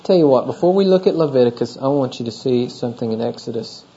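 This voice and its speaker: A man's voice: medium pitch, animated, fast, mellow. A male pastor teaching a sermon through scripture, talking casually and often checking in with the congregation with questions. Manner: conversational, asks the congregation questions. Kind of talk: expository sermon. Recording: dull lo-fi sermon recording.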